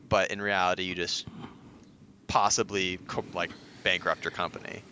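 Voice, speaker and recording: A man's voice: low-pitched, little pitch movement, normal speed, pushed and bright, slight background noise. A young man, a podcast guest, explaining things eagerly in casual chat with lots of filler words. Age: young adult.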